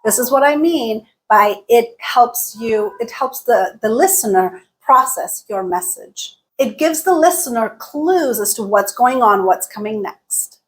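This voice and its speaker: Lady teaching a lesson, careful clear delivery, kinda high pitched. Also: animated. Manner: clear, deliberate, exaggerates pitch in example sentences. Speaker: English teacher. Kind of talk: explanatory lesson with spoken examples.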